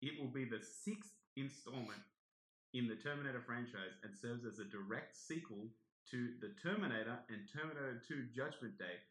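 Man, 20s, podcast co-host, bright tone, reads with laughing asides, echoey room. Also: mid-range voice, moderate pace. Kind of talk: casual chat.

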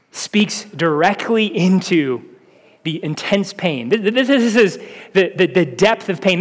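High-voiced preacher man in reverberant hall. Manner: earnest, repetitive restarts, rhetorical questions. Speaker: pastor. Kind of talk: sermon.

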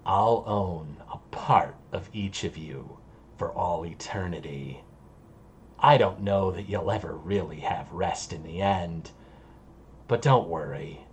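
A man growling as a hushed ancient demon. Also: low voice, a little hiss or hum, voice pushed down. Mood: ominous farewell. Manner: slow, hushed, ominous. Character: ancient male demon, sly, menacing. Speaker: game master voicing a character. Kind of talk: tabletop game role-play.

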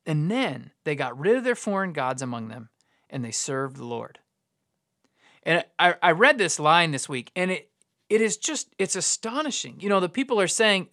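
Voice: mid-range voice, very animated, moderate pace, a bit bright, dry recording, clean studio sound. A pastor preaching a conversational sermon in an informal way, often repeating and restarting words.

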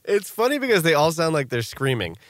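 A man's voice: fairly high pitch, big pitch swings, brisk, no room sound, clean studio sound. A man chatting casually and laughing as he reads funny online posts aloud.

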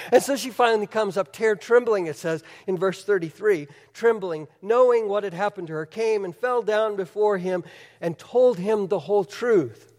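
A man's voice: high-pitched, normal speed, darkish tone, big-room sound. A male pastor preaching a sermon in an earnest, conversational, emphatic way.

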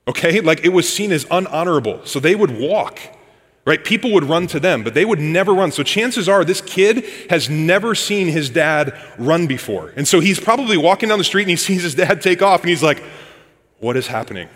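A man's voice: on the high side, animated, brisk, fairly bright tone, in a large hall. A man preaching a sermon, reading scripture and retelling it in a casual, conversational storytelling manner. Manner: conversational storytelling, addresses listeners as "guys".

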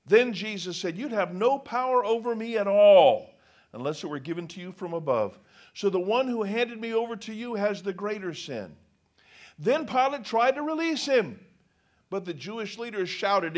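A man's voice: high-pitched, expressive, normal speed. A man preaching a sermon, reading scripture aloud and acting out the quoted speakers. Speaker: pastor.

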